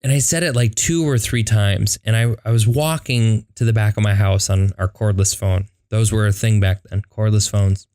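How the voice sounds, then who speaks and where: Low-voiced man telling a personal story. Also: fairly even intonation, normal speed, few pauses, a little mellow, no room sound, studio quality. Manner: conversational, many fillers, acts out quoted dialogue. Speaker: podcast host.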